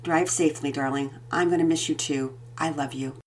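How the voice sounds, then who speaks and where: A woman's voice: low voice, steady tone, brisk, breathy edge. Woman doing a jolly, easygoing storybook dad. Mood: affectionate.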